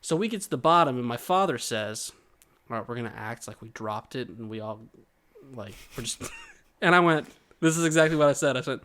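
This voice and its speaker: A man co-hosting a casual podcast, telling a family story in a lively way and laughing as he goes. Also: a little high, moderate pace, pauses often. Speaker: podcast co-host. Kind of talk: casual chat.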